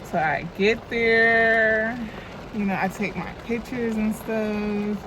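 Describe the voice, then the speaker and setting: A woman's voice: a little high, slow, background noise. A young woman, telling a storytime in a loose, chatty, profane way into a phone camera while doing her makeup. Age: young adult. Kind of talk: casual storytime vlog.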